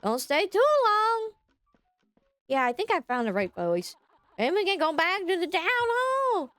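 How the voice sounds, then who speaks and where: A woman voicing a cheery high-pitched male game villager with a Southern drawl. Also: sing-song, unhurried, a bit bright, no room sound, full character voice. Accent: Southern American.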